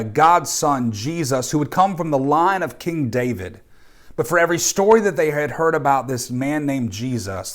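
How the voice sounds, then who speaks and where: Pastor guy doing a daily devotional, earnest and chatty, talks to you like friends, mid voice. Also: mid-range voice. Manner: earnest, conversational, addresses listeners as friends.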